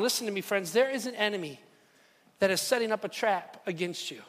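A man preaching a sermon to a congregation, telling a story with lively repetition and calls to the room. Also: high voice, a little fast. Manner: animated, repeats phrases for emphasis, calls to the congregation. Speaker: pastor. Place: church hall. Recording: long hall reverb.

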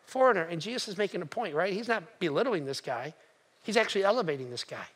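A male pastor preaching a sermon, retelling a story with animated acted-out voices and direct questions to the congregation. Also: sits high, fast talker, breathy edge.

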